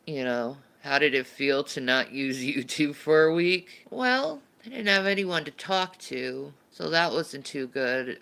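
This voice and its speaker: A woman's voice: sits low, creaky, pushed and bright. A woman livestreamer chatting casually and answering viewer questions, rambling and laughing, often restarting her sentences.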